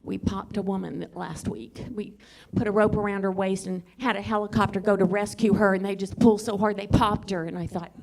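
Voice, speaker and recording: A woman's voice: medium pitch, fairly even intonation, brisk, gravelly, darkish tone. Middle-aged woman, stand-up comic, rambling and self-mocking, chatting with the room. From Southwest Louisiana. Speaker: stand-up comedian. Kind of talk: stand-up comedy set. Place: comedy club stage.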